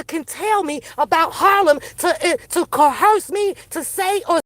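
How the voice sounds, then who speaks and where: A woman's voice: very high-pitched, measured pace, no room sound. A woman streamer, ranting to her viewers in brash, mocking, profane commentary. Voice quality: brash, sassy, swearing heavily. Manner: confrontational, mocking, laughs between jabs.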